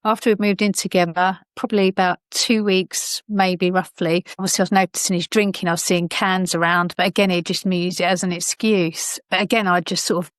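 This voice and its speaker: A woman's voice: fairly low pitch, level tone, a little fast, few pauses, no echo. A woman, a podcast guest, telling an emotional personal story in a rambling way, full of fillers and restarts.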